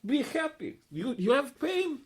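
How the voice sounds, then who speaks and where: A man's voice: very high voice, sing-song, a little slow, voice pushed up, exaggerated voice. A man voicing blunt, callous Russian doctors who dismiss a patient's pain. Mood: scornful. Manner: harsh, dismissive, loud.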